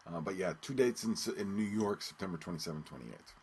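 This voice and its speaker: A man hosting his own podcast, talking casually and haltingly with many ums and restarts. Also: sits low, animated, vocal fry, darkish tone, slight background noise. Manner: rambling, hesitant, many ums and repeated words. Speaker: podcast host. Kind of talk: casual solo radio-show talk.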